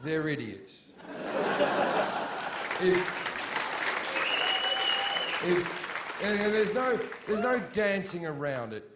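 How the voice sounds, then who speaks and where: High-voiced, foul-mouthed stand-up comedian. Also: male voice, very animated, drawn-out words, pauses often, a loud crowd, heavy background noise. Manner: crude, provocative, swears constantly, builds into mocking shouted rants. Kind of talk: live stand-up routine. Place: live comedy stage in Britain.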